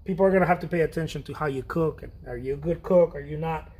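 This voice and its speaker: Painting on an art-chat stream, this middle-aged man speaks fast in a fairly high, slightly mellow, husky voice. His talk is chatty and rambling, full of self-deprecating jokes and frequent laughter, and he often trails off and starts again.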